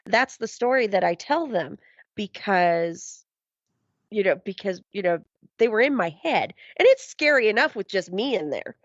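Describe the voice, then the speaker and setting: A woman's voice: medium pitch, expressive, moderate pace, no room sound. A woman guest telling a paranormal story in casual chat, rambling and full of "um" and "you know". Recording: dull, dry lo-fi sound.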